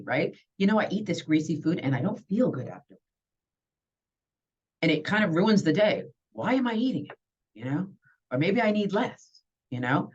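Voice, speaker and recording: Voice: mid-range voice, muffled recording. A healthcare provider giving a conversational webinar talk, often checking in with "right?" and "you know?". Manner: chatty, keeps asking "right?" and "you know?". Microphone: computer mic on a video call.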